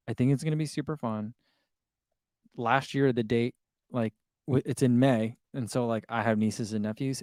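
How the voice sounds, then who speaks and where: A man's voice: mid-range voice, darkish tone, dry recording. Chatty man reading live chat, dry sound. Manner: chatty, laughs easily, reads viewer comments aloud. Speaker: running channel host reading live chat. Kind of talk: casual livestream chat.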